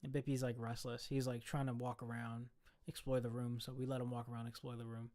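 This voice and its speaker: A young man casually telling a story, animated and profane, full of slang. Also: medium pitch, fairly quick.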